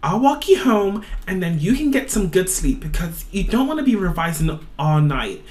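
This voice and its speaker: Woman doing a soft, soothing schoolgirl friend. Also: big pitch swings, moderate pace. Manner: soft, soothing, low-key. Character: caring, level-headed schoolgirl friend. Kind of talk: amateur animation voice acting.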